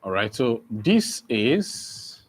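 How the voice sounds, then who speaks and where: A Nigerian man teaches an English exam-prep lesson slowly and repetitively, restating each point and frequently checking whether students understand. His mid-range voice has big pitch swings.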